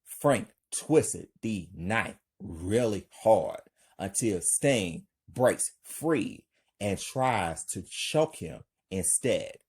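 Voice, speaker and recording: A man with a husky voice slowly reading his own action script aloud, stage directions included. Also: on the low side, expressive, darkish tone. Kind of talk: amateur script read-aloud.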